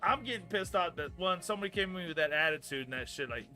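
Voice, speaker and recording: A man in his thirties telling a long work story on a stream, profane and rambling, growing loud and heated as he goes. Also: a little high, animated, fast talker, hardly any pauses, faint music behind. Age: 30s. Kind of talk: casual storytelling chat.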